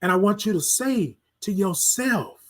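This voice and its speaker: Expressive but unhurried, this podcast host gives a motivational talk in a husky, high voice. He repeats phrases preacher-style and lapses now and then into soft, murmured self-talk.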